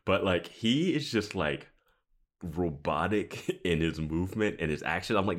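A man's voice: low voice, animated, measured pace. A man co-hosting a podcast, chatting casually and rambling with lots of fillers and laughter. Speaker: podcast co-host. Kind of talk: casual chat.

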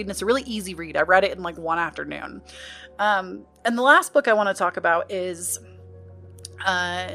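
A young woman hosts her podcast in a relaxed sit-down chat at a medium pitch. She talks earnestly and from the heart, giving warm-hearted encouragement. Faint music plays behind her. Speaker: podcast host.

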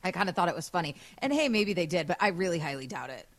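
A woman co-hosting a casual radio show chat, an animated storyteller who swears freely. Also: fairly low pitch, fast. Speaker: co-host.

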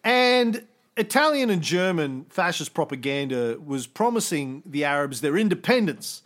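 Lively high-voiced male podcast host. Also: moderate pace. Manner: animated, swears freely, frequent restarts. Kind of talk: casual history chat.

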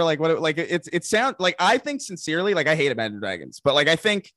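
A man chatting as a podcast guest, excitable and profane, tripping over quick restarts. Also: fairly high pitch, dry recording, studio quality. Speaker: guest content creator. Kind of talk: casual podcast chat.

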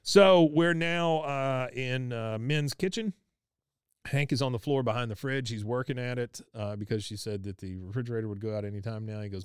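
A man's voice: medium pitch, normal speed, clear, resonant tone, no room sound, studio quality. Chatty man recapping scenes. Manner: retells scenes, chuckling, with many uhs. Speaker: podcast host. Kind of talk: casual episode recap.

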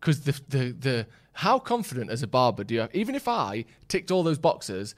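A man's voice: mid-range voice, very animated, moderate pace, hardly any pauses. A man hosting a casual football podcast, reading out viewer comments and chatting in a jokey way. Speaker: podcast host.

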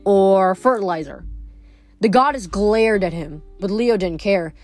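A woman reading a novel aloud in a steady, expressive narration. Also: mid-range voice, unhurried, soft background music. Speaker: audiobook reader.

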